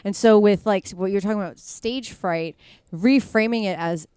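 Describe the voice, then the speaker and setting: A woman's voice: medium pitch, moderate pace, warm tone, smooth, no room sound, clean studio sound. A woman guest on a podcast, a comedian who talks in an emphatic pep-talk style and repeats phrases for effect. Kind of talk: casual podcast chat.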